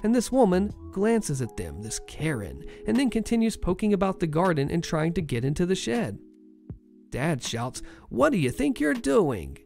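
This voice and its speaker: A narrator reading online stories aloud in an expressive, animated way. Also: medium pitch, moderate pace, faint music behind.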